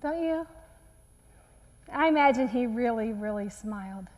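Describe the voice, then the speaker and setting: A woman's voice: on the high side, lively intonation, measured pace. A woman preaching a sermon, retelling a Bible story in an earnest storytelling manner. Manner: earnest storytelling, acts out quotes softly. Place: church sanctuary. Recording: long church reverb.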